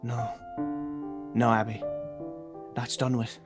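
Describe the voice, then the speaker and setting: A man's voice: medium pitch, little pitch movement, slow, over music, lightly acted. A man playing a stern adult farmer in a comic reading of a period stage drama, speaking in grave, archaic phrasing.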